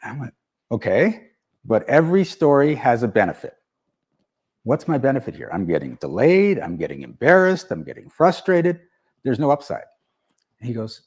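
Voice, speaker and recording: Man, motivational speaker, husky, lively pitch, plays out dialogue while storytelling. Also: normal speed. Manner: storytelling, animated, acts out both sides of dialogues. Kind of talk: motivational talk to a live audience.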